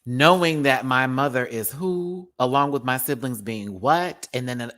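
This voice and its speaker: A man's voice: medium pitch, moderate pace. An American man hosting his own channel, reviewing a show in a casual live-stream rant, sassy and jokey. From United States. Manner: animated, sassy, jokey, with laughs.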